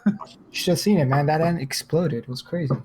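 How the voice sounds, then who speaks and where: A man playing in a tabletop game, talking in a relaxed, easygoing way. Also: a little high, brisk, crowd noise. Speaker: player. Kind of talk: casual tabletop game chat.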